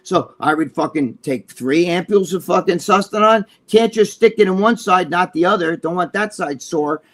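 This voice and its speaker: Excitable high-voiced man, profane chat. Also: normal speed. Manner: profane, excitable storytelling with many restarts. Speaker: co-host. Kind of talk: casual chat.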